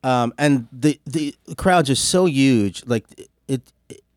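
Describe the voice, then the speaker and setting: A male comedian guest telling stories in casual chat, animated and swearing freely, acting out the quotes. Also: mid-range voice, slow pace, dry recording, clean studio sound. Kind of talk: casual storytelling.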